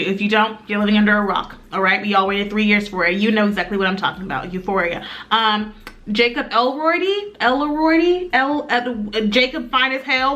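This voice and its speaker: A young woman chatting through a get-ready-with-me storytime, rambling, animated and playful. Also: medium pitch. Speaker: beauty vlogger.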